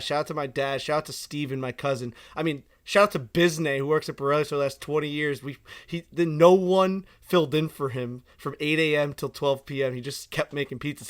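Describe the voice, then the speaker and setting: A young man co-hosting a podcast, telling stories in an animated, profane way that gets loud when he is worked up. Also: fairly high pitch. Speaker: podcast co-host. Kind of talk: casual podcast chat.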